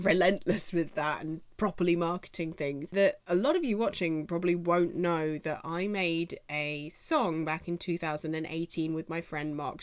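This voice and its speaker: A woman's voice: fairly low pitch, clear, resonant tone, dry recording. A British woman talking to camera in a casual vlog, chatty and self-deprecating, slipping into little quoted voices. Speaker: YouTuber.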